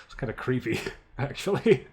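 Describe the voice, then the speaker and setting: A man's voice: medium pitch, a little mellow. A young man giving a casual creator commentary on his own animation, offhand and self-mocking, often laughing and swearing.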